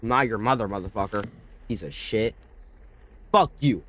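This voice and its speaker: A young man hosting a horror game let's-play, muttering low and bursting into screamed, profane threats. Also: a little fast, a bit bright, a little hiss or hum. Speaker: gaming channel host.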